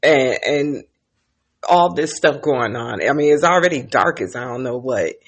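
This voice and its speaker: A woman's voice: very deep voice, animated, a little slow, breathy edge. A woman casually recapping TV episodes, chatty and profane, laughing as she tells the story. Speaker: TV recap vlogger.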